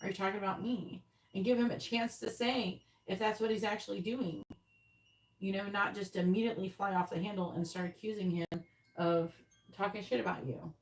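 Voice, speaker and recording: A woman's voice: medium pitch, fairly even intonation, a little fast, far from the mic. Female live-stream host, blunt and exasperated, echoey room, away from the mic. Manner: exasperated, scolding, blunt and profane. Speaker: tarot reader hosting a live stream. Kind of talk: live stream talking to chat. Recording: roomy echo, off mic.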